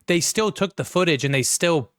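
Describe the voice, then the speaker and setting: A man's voice: a little high, animated, moderate pace, fairly bright tone, clean tone, no room sound, studio quality. A man co-hosting a podcast, chatting casually and ranting heatedly with lots of swearing. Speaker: podcast co-host. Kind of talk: casual chat.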